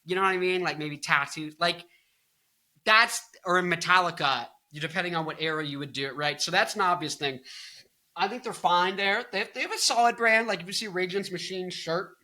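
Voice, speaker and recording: Bright-voiced young man rambling casually. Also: high-pitched, a little fast. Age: 20s. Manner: rambling, filler-heavy, joking. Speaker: vlogger and musician. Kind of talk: casual opinion vlog.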